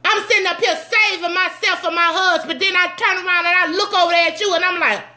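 A middle-aged woman giving sassy, teasing comedic church advice to her viewers, animated and preachy with loud whoops. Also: extremely high pitch, fast, few pauses. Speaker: comedic commentator addressing live viewers.

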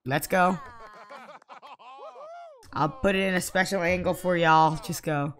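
A woman's voice: lowish voice, steady tone, unhurried, fairly bright tone. A woman giving let's play commentary, scolding her game characters aloud in exasperation. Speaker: gaming channel host.

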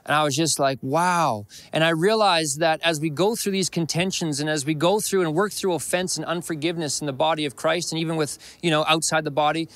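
Canadian male pastor, higher-pitched, earnest sermon storyteller, dry close mic. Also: fairly bright tone, dry recording. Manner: earnest storytelling with repeated phrases. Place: church.

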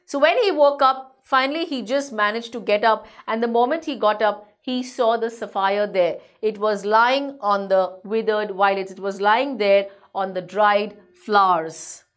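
A woman's voice: mid-range voice, a little slow, few pauses. A young adult woman teacher who reads a story and explains each line in simple, chatty words. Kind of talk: reading a story and explaining it to a class.

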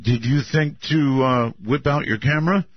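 Older radio talk host, husky and musing, muffled dry broadcast sound. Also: male voice, no echo. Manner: musing, drawn-out, lively pitch swings. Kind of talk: late-night call-in radio.

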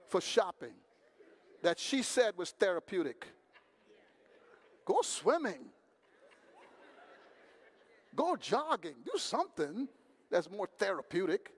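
High-voiced man preaching a lively sermon. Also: measured pace, long pauses. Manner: preaching with swings from quiet to loud, shouting at peaks; folksy storytelling with acted asides. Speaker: pastor. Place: church sanctuary.

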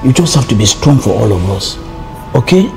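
A man's voice: mid-range voice, sing-song, brisk, vocal fry, over music. An actor playing a male union colleague who comforts and reassures a detained friend. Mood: reassuring. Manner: earnest, comforting.

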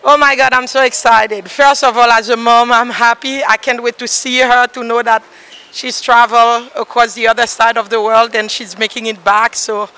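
A woman from Haiti, an athlete's mother, talking effusively and laughing often in an airport interview, her voice hoarse from screaming. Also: fairly high pitch, level tone, moderate pace, pushed and bright. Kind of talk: excited on-the-spot interview. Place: airport arrivals area.

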